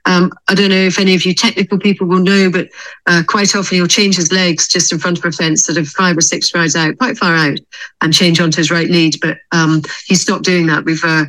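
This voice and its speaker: A woman racehorse trainer being interviewed on a podcast, explaining her plans in a thoughtful, measured way. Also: fairly low pitch, flat delivery, a bit bright, poor audio.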